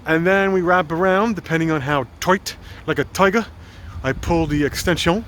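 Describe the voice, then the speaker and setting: Man, casual vlogger, fairly high voice, jokey game-show-host patter, outdoors, faint traffic behind. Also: normal speed, fairly bright tone. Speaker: home video host. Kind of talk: casual walkthrough vlog. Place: outdoors around a house.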